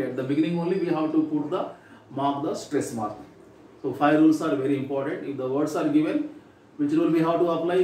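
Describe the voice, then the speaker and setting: A man's voice: fairly high pitch, dark tone. A man with an Indian English accent teaching an exam preparation lesson, repeating and listing points one by one. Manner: repetitive, instructive, lists items. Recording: echoey room, distant mic.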